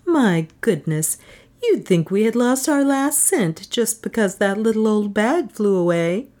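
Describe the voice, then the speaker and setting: A cheery, scheming young woman makes her case in a bright, coaxing tone, as a woman reading the story voices her. Her voice is lively and goes up and down a lot. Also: medium pitch, unhurried, voice pushed up, close to an everyday voice.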